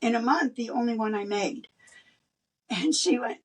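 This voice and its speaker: An older woman, a guest in an interview, telling a personal story in an animated way and laughing between lines. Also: on the high side, normal speed, recorded from a distance.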